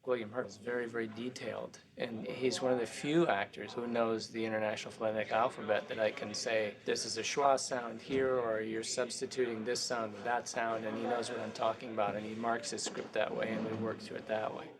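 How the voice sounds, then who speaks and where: A dialect coach explains his method in a flat, even voice. He speaks precisely while a crowd murmurs clearly behind him. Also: medium pitch, a little fast, few pauses. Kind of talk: interview for a featurette.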